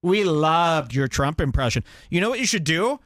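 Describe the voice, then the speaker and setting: A man's voice: big pitch swings, normal speed, fairly bright tone, dry recording, studio quality. A man hosting a podcast, ranting crudely and mockingly in a comedic style. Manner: mocking, exaggerated, swings pitch wildly. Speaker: podcast host.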